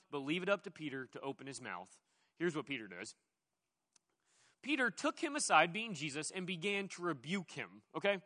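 A man preaching a sermon in an animated, conversational way with playful asides. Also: high-pitched. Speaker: pastor.

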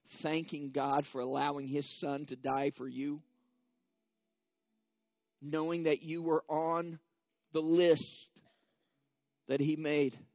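A man preaching a sermon as pastor, slow and measured, building to emphatic repetition and leading the congregation in reciting scripture. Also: fairly high pitch, a little mellow, dry recording.

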